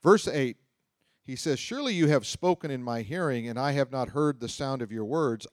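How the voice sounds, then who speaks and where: A man's voice: mid-range voice, very animated, moderate pace, darkish tone, no echo, studio quality. A man preaching a sermon, reading scripture aloud and explaining it in a conversational way, often asking his listeners questions. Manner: conversational, asks the audience questions. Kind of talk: sermon, Bible teaching.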